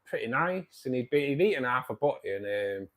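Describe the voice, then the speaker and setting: A British man with a mid-range voice talks fast while hosting a live stream and reading out viewer comments. He's matey and casual, swears now and then, and chuckles often.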